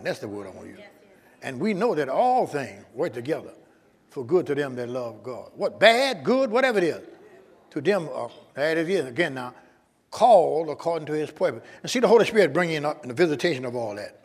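A man's voice: on the high side, very animated, brisk, husky, long reverb tail. A male pastor preaching a sermon with emphatic call-and-response to his congregation, in a church sanctuary.

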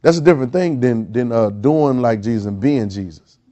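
A man preaching a sermon, calling on the congregation to answer back and building to loud, emphatic peaks. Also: medium pitch, expressive, moderate pace, highs cut off. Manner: exhorting, calls for congregation responses.

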